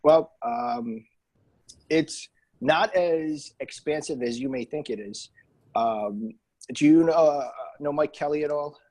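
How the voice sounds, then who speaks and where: A man's voice: a little high, animated, slow, darkish tone, low-quality recording. A man with a New England accent, a business owner talking casually as a podcast guest, with lots of fillers and restarts. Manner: chatty, many fillers and restarts.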